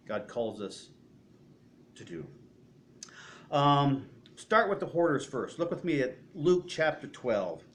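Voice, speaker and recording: A man's voice: mid-range voice, slight background noise. A male pastor preaching a sermon, asking the congregation questions and acting out the voices of the people he describes. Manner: acts out hoarders' voices in quotes. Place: church sanctuary.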